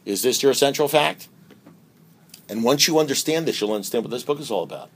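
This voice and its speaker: Guy preaching at a recovery meeting, emphatic, lots of rhetorical questions, goes loud then hushed, average pitch. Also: a little fast. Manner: wide swings between loud and hushed delivery. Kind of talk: speaker talk at a recovery meeting.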